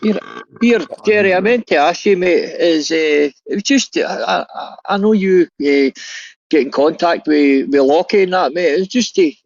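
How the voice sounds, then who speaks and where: A chummy man with a fairly high voice banters on a voice call, tossing "mate" into every line. The audio is dull and dry, with no room sound at all. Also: moderate pace, no echo. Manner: chummy, calls everyone mate, swears a lot. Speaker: panel guest. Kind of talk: casual banter on a livestream panel.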